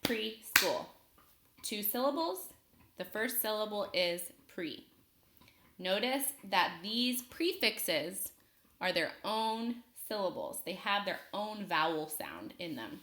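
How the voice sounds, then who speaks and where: A woman teaching a phonics lesson to young children, speaking slowly and clearly and pausing for them to answer. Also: mid-range voice, sing-song, fairly bright tone, reverberant. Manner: slow, clear, patient teacher talk with pauses for students.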